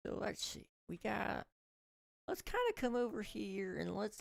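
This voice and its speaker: A man's voice: high voice, big pitch swings, a little slow, gravelly. Joking male game streamer. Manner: joking, talks to chat, repeats himself. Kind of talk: casual live-stream chat while gaming.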